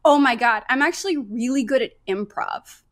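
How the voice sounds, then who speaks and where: A young adult woman with a slightly high voice, chatting as a podcast guest. She talks in a loose, animated way and laughs often. She swears casually as she goes. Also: moderate pace. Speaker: painter guest.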